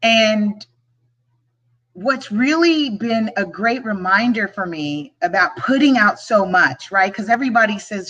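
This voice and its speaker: A woman's voice: medium pitch, expressive, measured pace, fairly bright tone, muffled recording. A woman hosting a live stream, talking earnestly and from the heart, often repeating words as she gets moved. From Philadelphia. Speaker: show host and real estate agent. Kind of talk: live-stream motivational talk.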